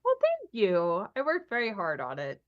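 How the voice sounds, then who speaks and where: A woman's voice: fairly high pitch, lively intonation, measured pace, pitched above the performer's own voice. A woman voicing a flustered male stage magician who talks awkwardly and halts with many ums. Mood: flattered. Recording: dull lo-fi sound.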